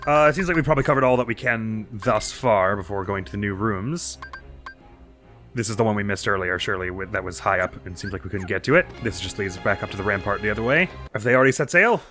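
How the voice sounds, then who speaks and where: Bright, playful gaming commentator man. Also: fairly low pitch, fast talker, soft background music. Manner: playful, chatty, goofy sound effects. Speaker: let's play host. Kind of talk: gameplay commentary.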